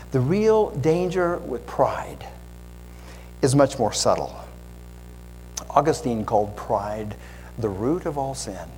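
A man's voice: medium pitch, darkish tone, slight background noise, poor audio. A man preaching as a guest pastor, candid and self-deprecating, with conversational asides. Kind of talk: sermon.

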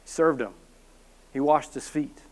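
A man preaching a sermon as pastor, telling a personal story with animated, self-mocking humor. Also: fairly high pitch, measured pace.

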